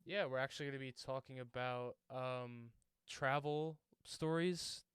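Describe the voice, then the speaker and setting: A man's voice: mid-range voice, steady tone, measured pace, a bit bright, smooth, dry recording. A young man co-hosting a podcast, chatting casually and laughing easily. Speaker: podcast co-host. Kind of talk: casual chat.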